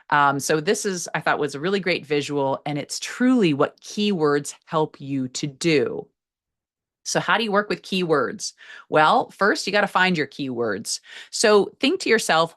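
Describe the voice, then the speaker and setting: A woman who coaches public speaking, explaining a technique in an expressive voice that leans hard on key words. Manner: expressive, stresses key words with pitch swings. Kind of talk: instructional talk to camera.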